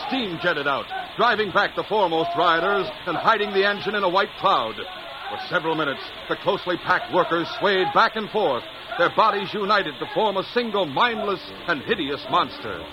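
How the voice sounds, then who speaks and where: Dramatic old-radio narrator. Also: male voice, high-pitched, animated, moderate pace. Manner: dramatic, vivid storytelling. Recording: dull old radio, loud hiss.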